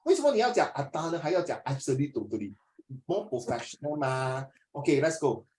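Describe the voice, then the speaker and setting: A Singaporean man tutoring students in a casual, joking lesson, teasing them and mixing languages as he talks. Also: fast. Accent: Singaporean English. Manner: animated, teasing, mixes languages, lively pitch swings.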